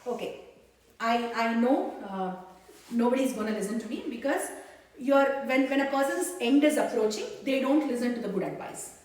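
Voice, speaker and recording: A woman's voice: a little high, animated, moderate pace, a little mellow, natural voice. A woman voicing a weary, wise male demon prince, in her own plain speaking voice. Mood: resigned. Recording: echoey room, mic far off.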